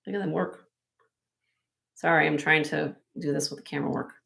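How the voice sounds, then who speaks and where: A woman's voice: low-pitched, fairly even intonation, a little fast, creaky, fairly bright tone. A woman hosting a live online jewelry sale, chatting in a salesy way and talking straight to buyers by name. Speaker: host selling jewelry on a live stream.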